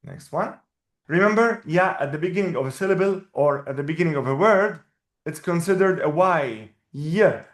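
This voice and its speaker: Male teacher, slightly high voice, patient and explanatory; echoey room. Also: a bit bright. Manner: patient, explanatory, repeats words slowly. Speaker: Arabic teacher. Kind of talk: one-on-one language lesson.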